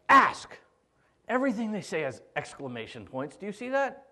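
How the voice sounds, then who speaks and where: A male pastor preaching a sermon, retelling scripture in an animated, joking way. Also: high voice, normal speed.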